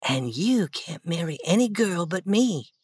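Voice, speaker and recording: A woman's voice: fairly low pitch, lively intonation, measured pace, husky, no echo, studio quality. Woman playing a shy, tender schoolgirl. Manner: hesitant, soft-spoken. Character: shy young schoolgirl, tender and easily hurt. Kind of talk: storybook reading.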